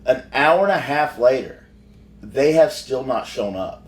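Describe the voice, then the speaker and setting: A male wrestler tells a rambling, profane backstage story in casual podcast talk. His voice sits at an ordinary pitch. The room is echoey and the mic sits a fair way off. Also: animated, unhurried. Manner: rambling, profane, frequent restarts. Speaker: professional wrestler. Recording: roomy sound from far off.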